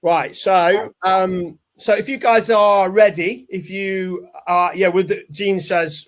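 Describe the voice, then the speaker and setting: Guy hosting a live launch webinar, slightly higher voice, upbeat sales chat. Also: slow pace, few pauses. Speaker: webinar host.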